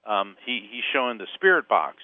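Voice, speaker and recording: Man, from central florida, animated storyteller, tinny phone-line sound, dry. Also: lowish voice, normal speed, no room sound. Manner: animated storyteller, acts out quoted voices. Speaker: psychic medium and author, podcast guest. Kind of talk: storytelling interview.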